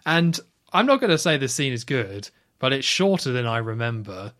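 A man's voice: mid-range voice, big pitch swings, a bit bright. Chatty man recapping a film. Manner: retells scenes at length, chatty with quick asides. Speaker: podcast co-host.

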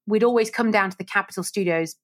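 A woman radio presenter, a guest in an interview, telling stories in a lively chat and acting out the voices of the people she quotes. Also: mid-range voice, fast talker. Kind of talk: casual storytelling interview.

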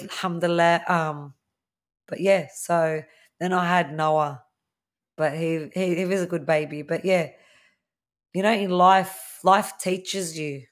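A woman in her thirties with an Australian accent, a podcast guest candidly telling her own story in a conversational way. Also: on the low side. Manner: candid, conversational, with fillers and quoted dialogue. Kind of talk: personal storytelling interview.

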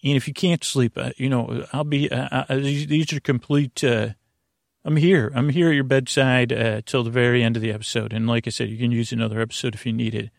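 A man hosting a sleep podcast, talking in creaky, soothing tones with rambling, filler-heavy bedtime talk. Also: mid-range voice, fairly even intonation, a little fast, no room sound, clean studio sound. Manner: rambling, full of fillers and tangents.

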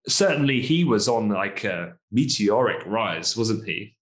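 A man's voice: on the low side, expressive, a little slow. A man from the UK co-hosting a casual finance podcast, chatty, laughing often and hedging with asides. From United Kingdom. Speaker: podcast co-host.

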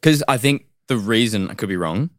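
A man chatting casually about a film on a podcast, agreeing quickly and laughing often. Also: on the low side, animated, no room sound, clean studio sound. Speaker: podcast co-host.

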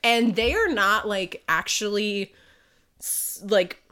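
A podcast co-host, a woman recapping a story in loose, casual chat. Her voice is bright and forceful. She is animated, swears freely and breaks into laughter often. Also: mid-range voice, slow.

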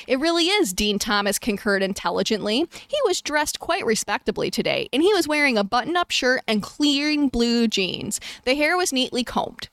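Young woman host, deadpan fan fiction reading, fairly high voice, dry close sound. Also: normal speed, few pauses, no echo. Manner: deadpan reading with blunt asides. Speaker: podcast host.

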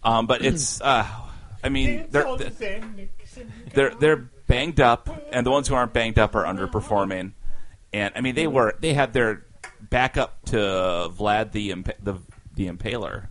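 A man co-hosting a podcast, chatting casually about football, relaxed with frequent restarts. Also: medium pitch, measured pace. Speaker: podcast co-host. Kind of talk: casual sports chat. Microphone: remote video call.

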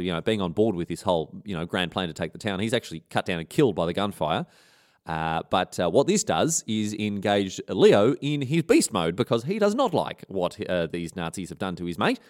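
Fast, slangy storyteller man. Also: on the low side, darkish tone. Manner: irreverent, slangy, rambling. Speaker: podcast host. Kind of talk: comic history storytelling.

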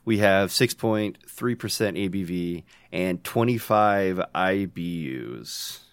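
A relaxed young American man with a fairly low voice, hosting a casual podcast and chatting loosely with a friend. He jokes around and laughs easily. The sound is dry and close, with no room echo. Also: slow pace, clean tone. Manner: laid-back, joking, giggly. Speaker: podcast co-host. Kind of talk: casual beer-drinking podcast chat.

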